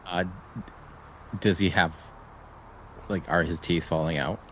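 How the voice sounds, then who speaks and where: A man playing a tabletop game, describing his character's actions hesitantly, with many pauses. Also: sits low, fairly even intonation, fairly bright tone, slight background noise. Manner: hesitant, many fillers and restarts. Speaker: player. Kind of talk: casual tabletop play.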